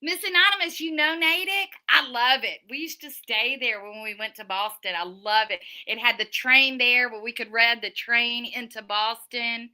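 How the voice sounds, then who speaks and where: This middle-aged woman from the Southern United States hosts a livestream, her voice a little high and her pace normal, with hardly any pauses. She chats casually, reads viewer comments, and tells stories in an animated way, often restarting her sentences.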